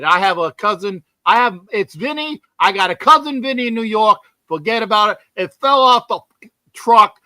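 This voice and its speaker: A man's voice: sits high, no room sound. A man voicing a brash South Philadelphia tough guy in a podcast bit, with a put-on South Philly accent and swaggering bluster. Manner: loud, swaggering, streetwise bluster.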